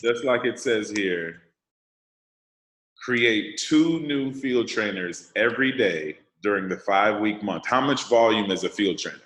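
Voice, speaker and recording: Over a video call with a roomy echo, a man runs an online sales training session. His voice sits on the low side, a little bright, with lively intonation and an unhurried pace. He walks the group through things casually, step by step, checking that everyone keeps up.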